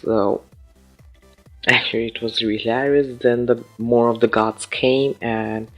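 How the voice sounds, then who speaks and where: A man's voice: medium pitch, steady tone, unhurried, a bit bright, soft background music. A man with an Indian English accent, telling a story to his viewers in a loose, rambling way, swearing casually. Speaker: vlogger.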